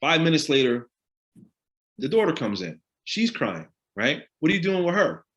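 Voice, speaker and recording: A man leading a live discussion, asking the audience direct questions in an animated way. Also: fairly high pitch, moderate pace. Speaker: discussion leader on a live stream. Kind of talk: interactive talk with the audience.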